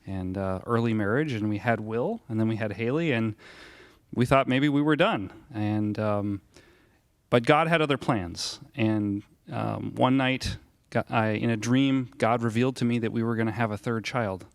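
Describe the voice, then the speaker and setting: A young man introduces his family and shares their faith story. He speaks in a relaxed way and hesitates with fillers. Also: medium pitch, normal speed, dry recording. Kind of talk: casual family testimony.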